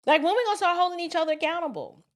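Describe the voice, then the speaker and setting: Woman commentator, high-pitched, very animated, preachy. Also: very fast. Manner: preachy, animated, slips into voices of friends. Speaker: commentary host. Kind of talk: opinion commentary.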